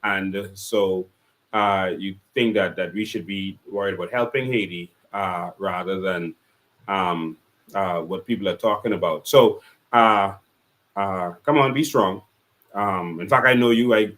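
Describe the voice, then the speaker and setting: A man with a Bahamian accent hosting a live call-in talk show, speaking earnestly and repeating a phone number slowly. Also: deep voice, fairly bright tone.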